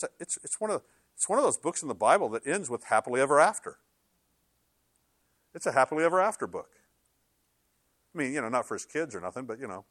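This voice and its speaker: A middle-aged male pastor delivers a sermon in a lively, conversational style, now and then dropping into sarcastic quoted asides. His voice sits in the mid range, and the recording is dry and studio quality.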